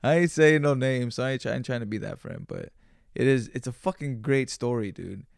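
A man's voice: medium pitch, big pitch swings, fairly quick, creaky, clear, resonant tone, dry recording, studio quality. A man in his twenties telling a rambling, profane story in slangy casual talk, acting out bits of dialogue. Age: 20s. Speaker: podcast host.

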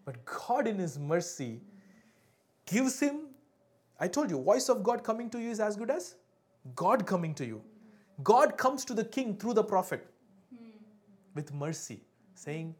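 A man, preaching a sermon to a congregation, swinging between loud emphatic peaks and quiet drops and often asking his listeners to respond. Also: high voice, big pitch swings, measured pace, pauses often. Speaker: pastor.

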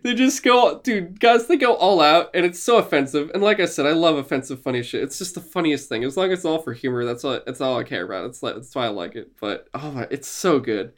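Male podcast co-host, casual and animated, quick to laugh and mimic. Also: fairly high pitch. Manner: animated, laughing, acts out quotes. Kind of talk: casual gaming chat.

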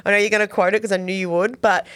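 A woman's voice: mid-range voice, little pitch movement, rapid-fire, fairly bright tone. A woman co-hosting a podcast, chatting casually and giggling often. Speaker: podcast co-host. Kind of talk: casual chat.

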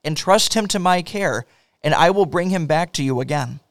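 Read by a man: an earnest elder brother making his plea in a bible story, voiced plainly and close in a dry recording with a slightly high tone. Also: expressive, normal speed, no room sound.

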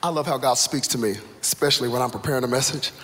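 A male pastor in his thirties preaching a sermon, telling a funny story with animated energy that builds to excited shouts. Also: medium pitch, fast. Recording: echoey hall, live room ambience.

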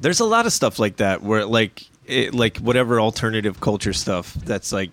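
A man's voice: on the low side, big pitch swings, moderate pace, a bit bright, no echo. A man hosting a casual podcast chat, telling stories in a blunt, profane, wry way. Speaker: podcast host.

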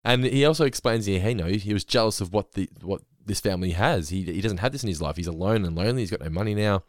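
Fast-talking podcast host, low and lively. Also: male voice, dry recording, studio quality. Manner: chatty, laughing often, quick recaps. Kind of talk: casual podcast chat recapping an episode.

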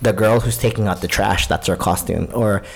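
Male podcast co-host, lower voice, loose storyteller with crude humor. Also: moderate pace, gravelly. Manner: rambling, crude jokes, many fillers. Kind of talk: casual chat, storytelling.

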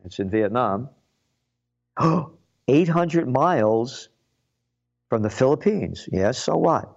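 A man's voice: medium pitch, animated, takes it slowly, vocal fry. A man from the Bronx, giving a sarcastic, indignant solo commentary and reading aloud with emphatic asides. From the Bronx, New York. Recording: muffled lo-fi recording.

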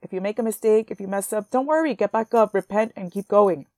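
A young woman hosting a Christian podcast, talking earnestly and warmly to her listeners as sisters, at times emotional. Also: medium pitch, a little fast, no room sound, clean studio sound. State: emotional, near tears. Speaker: podcast host. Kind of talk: faith podcast encouragement.

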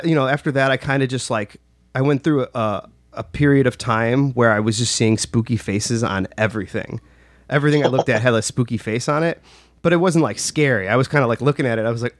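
A man's voice: medium pitch, no echo. Rambling casual man, dry close sound. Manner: rambling, full of "like" and restarts. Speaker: storyteller recounting a personal experience. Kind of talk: casual chat.

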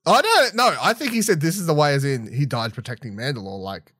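A man's voice: on the high side, animated, fairly quick, fairly bright tone, no room sound, clean studio sound. A man co-hosting a podcast, reviewing an episode in casual chat, exasperated, swearing and laughing often. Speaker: podcast co-host.

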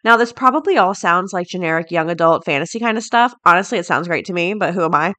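A woman's voice: fairly low pitch, quick pace, few pauses, sharp tone. A middle-aged woman hosting a daily podcast, chatting off the cuff with frequent laughs and reading out headlines. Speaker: podcast host. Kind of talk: casual chat and reading headlines.

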